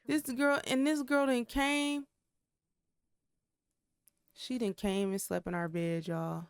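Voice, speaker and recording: A woman's voice: fairly high pitch, flat delivery, slow pace, pauses often, smooth, no room sound. A woman hosting a life-simulation game channel, giving chatty, exclamatory let's play commentary straight to her viewers. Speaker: gaming channel host.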